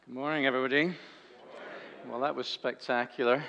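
A man's voice: medium pitch, fairly even intonation, fairly quick, vocal fry, background noise. A Scottish man in his sixties giving a talk as a guest speaker at a church, with a dry, self-deprecating humor and frequent hesitant fillers. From Scotland. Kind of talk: humorous lecture at a church gathering. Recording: dull lo-fi recording.

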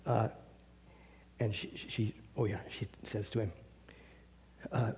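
A man teaching a Bible class to a small group in a meeting room. He reads and retells scripture in a lively storytelling way, with chuckles and asides. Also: on the low side, slow, long pauses.

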